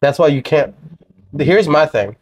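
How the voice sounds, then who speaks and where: A man's voice: on the high side, lively intonation, measured pace. A young man co-hosting a casual podcast, arguing bluntly and sarcastically, with lots of swearing. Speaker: podcast co-host. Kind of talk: casual chat.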